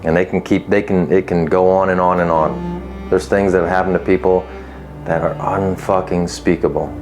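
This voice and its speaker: Blunt, very deep-voiced man. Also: level tone, normal speed, over music. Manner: blunt, profane, tough-love urging. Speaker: vlogger sharing a personal testimony. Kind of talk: unscripted direct-to-camera talk.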